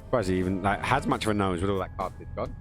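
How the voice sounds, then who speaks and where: A man streams a game, chatting and joking with crude asides. His voice sits on the low side. Loud game music runs underneath. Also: very fast. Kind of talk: casual gameplay commentary.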